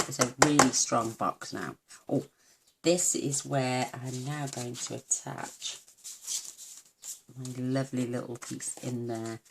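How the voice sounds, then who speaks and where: A woman's voice: very deep voice, vocal fry, slight background noise. A woman giving a chatty, homely papercraft tutorial at her craft table, full of self-deprecating asides. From United Kingdom. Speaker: papercraft demonstrator.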